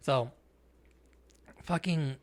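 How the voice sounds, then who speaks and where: A man's voice: mid-range voice, extremely slow. A man co-hosting a podcast, telling a story in casual, profane chat and acting out the other people's lines. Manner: profane, animated storytelling, acts out quotes. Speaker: podcast co-host.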